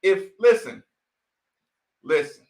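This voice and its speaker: Podcast host, man, heated ranting delivery, unhurried and high-pitched. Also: lively intonation, a little mellow, roomy sound. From Asheville, North Carolina. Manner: heated, ranting, laughs often, cusses. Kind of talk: opinionated sports talk.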